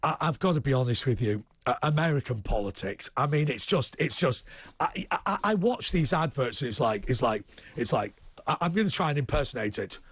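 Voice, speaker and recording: A middle-aged British man hosting a political TV interview, animated and prone to restarting his sentences. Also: mid-range voice, a little fast, slightly rough, no echo. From United Kingdom. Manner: animated, repeats words when starting sentences. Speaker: TV host and political commentator. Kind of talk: casual studio interview.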